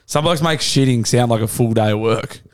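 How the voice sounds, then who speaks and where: A man's voice: mid-range voice, moderate pace, crowd noise. A man co-hosting a podcast, talking in blunt, sweary, matey banter. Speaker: podcast co-host. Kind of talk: casual banter.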